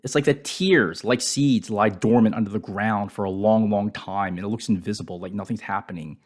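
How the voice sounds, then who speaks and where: A man giving a reflective devotional Bible teaching, dropping his voice softly on painful words. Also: fairly low pitch, normal speed.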